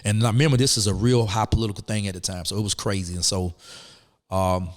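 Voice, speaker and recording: A man's voice: fairly low pitch, quick pace, long reverb tail. A man, telling his story as a guest in a casual interview and acting out the people in it. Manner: animated, acts out quoted people.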